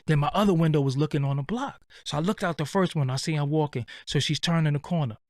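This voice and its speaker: A streetwise man tells a rambling comic story, swearing freely in a blunt, unfiltered way. His voice sits a little high for a man, and the sound is close and dry with no room ring. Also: fast talker, darkish tone, dry recording. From Brooklyn, New York. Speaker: show host. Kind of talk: profane comedic storytelling.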